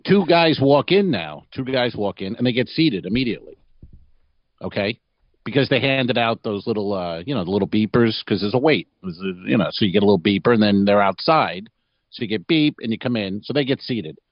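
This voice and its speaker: A man's voice: lowish voice, expressive, brisk, no echo. A man co-hosting a comedy podcast, telling a long story in a rambling, profane style with frequent laughter, heard in a dry, slightly dull recording. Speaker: podcast co-host.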